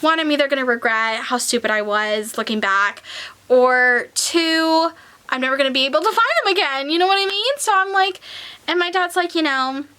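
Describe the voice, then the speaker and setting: High bright-voiced young woman vlogger. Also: moderate pace. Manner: rambling, lots of fillers, tearful and emotional. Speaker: doll collector vlogger. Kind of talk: casual chat to camera.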